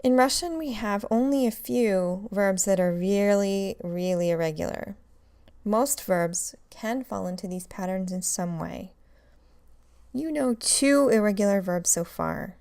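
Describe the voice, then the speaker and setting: A woman's voice: medium pitch, slow, darkish tone, clean tone, no room sound. A woman teaching a recorded grammar lecture, explaining step by step and drilling examples. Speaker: Russian language teacher.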